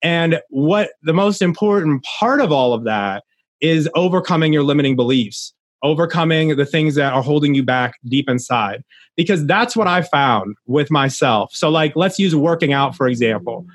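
A man's voice: a little high, expressive, moderate pace, dry recording. A young adult man, a podcast guest, talking earnestly in a casual interview, rambling with many restarts.

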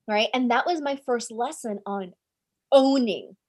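A woman coach talks in an animated way about her own experience during an interview. English is not her first language, and her voice sits a little high. She leans on fillers like "like" and "right?". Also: measured pace. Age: 20s at the time recalled; now older. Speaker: life coach, guest. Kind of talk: storytelling interview talk.

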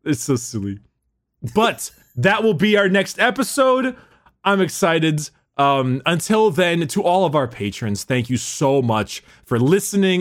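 Excitable young guy podcasting. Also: a little high. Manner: excited, rambling, swears casually, laughs often. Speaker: podcast co-host. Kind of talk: casual chat.

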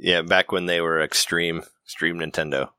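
A man's voice: sits low, level tone, normal speed, sharp tone, smooth, dry recording, studio quality. A man hosting a casual gaming chat, who laughs often and restarts his sentences. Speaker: podcast host.

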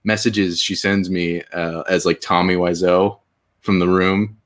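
A man guest in a casual chat, talking in a halting, rambling way. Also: low voice, level tone. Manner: rambling, halting, with many restarts.

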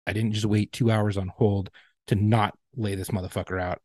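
A man's voice: on the low side, little pitch movement, darkish tone. A man co-hosting a podcast, telling a profane, heated story in casual chat. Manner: fast, profane ranting storyteller. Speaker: podcast co-host.

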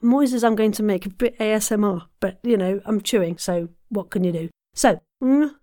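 A woman hosting a podcast, leading casual vocal warm-ups in a chatty, playful, self-deprecating way and counting breaths slowly as she coaches. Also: medium pitch, fairly even intonation. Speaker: podcast host leading voice exercises.

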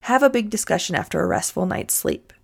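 A woman's voice: fairly low pitch, wildly swooping pitch, a little fast, vocal fry. Frank woman giving relationship advice. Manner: frank, coaching, addresses listener as "you". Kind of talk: direct-to-viewer advice talk.

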